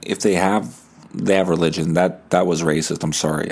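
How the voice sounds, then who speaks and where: A man hosting a solo podcast, rambling casually with deadpan sarcasm and jokes. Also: sits low, normal speed, vocal fry, slightly rough. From Canada. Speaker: podcast host.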